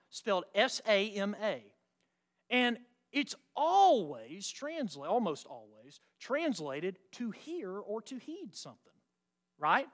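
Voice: mid-range voice, a bit bright. A preacher giving an emphatic sermon, often asking the listeners rhetorical questions in a folksy, teasing way.

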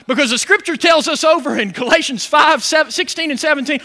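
A man preaching a sermon as pastor, animated, with call-and-response questions to the congregation. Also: very high-pitched, fast talker, few pauses.

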